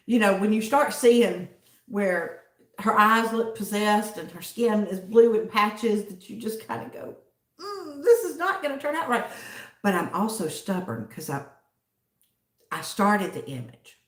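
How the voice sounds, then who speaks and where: Rambling woman streamer, roomy echo. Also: medium pitch. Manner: rambling, chatty, answers viewers by name. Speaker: livestream host reading chat. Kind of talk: casual chat. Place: home in a city. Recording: roomy echo, distant from the mic.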